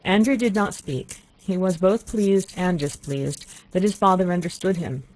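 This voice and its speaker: An audiobook narrator reading a classic novel in a steady, measured way. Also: medium pitch, no room sound, low-quality recording.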